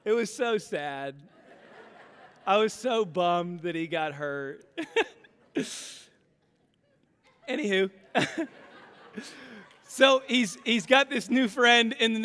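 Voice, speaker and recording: A man in his thirties preaches in a big hall with a long echo, and his voice rings high and bright. He tells family stories with lively, acted-out lines. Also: clear, resonant tone. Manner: animated storytelling, acts out dialogue. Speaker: pastor. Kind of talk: sermon with personal stories.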